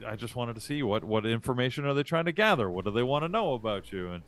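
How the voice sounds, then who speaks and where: A man's voice: mid-range voice, expressive, fast, fairly bright tone. A man co-hosting a live trading show, chatting casually and rambling, with many restarts and repeated words. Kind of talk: casual chat.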